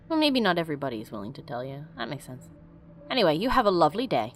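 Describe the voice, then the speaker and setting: A woman's voice: low voice, big pitch swings, rapid-fire, faint music behind. A woman giving casual let's play commentary, blunt and chatty, swearing freely.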